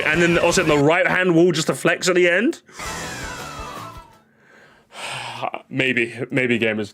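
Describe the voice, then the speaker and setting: A male streamer reacting live to game replays, chatty and excitable, rambling with many restarts. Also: on the high side, normal speed, long pauses, over music.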